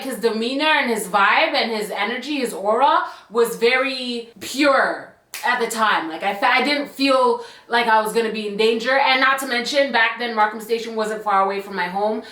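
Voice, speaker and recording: A young woman telling a personal story to her channel in a chatty, animated way full of slang and asides. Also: a little high. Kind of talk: casual storytime. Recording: echoey room.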